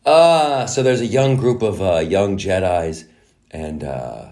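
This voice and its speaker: A man hosting a comedy podcast, ranting mockingly through a show recap and popping into quick put-on voices. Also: low voice. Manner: animated, mocking, does quick character voices. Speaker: podcast host.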